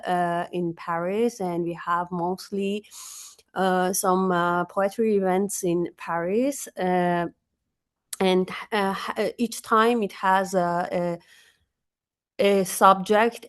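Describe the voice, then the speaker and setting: A woman poet from Iran with a heavy Persian accent, speaking hesitantly and then reading her poem aloud over a video call. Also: medium pitch. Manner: hesitant, halting with many fillers. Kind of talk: poetry reading.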